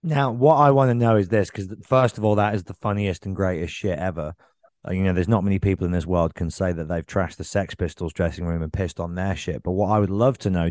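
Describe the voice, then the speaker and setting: A man hosting a casual interview, with a very deep, low voice. His recording is close and dry, with no room sound. He asks long, rambling questions and laughs along with his guest. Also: a little mellow, no echo. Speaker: podcast host.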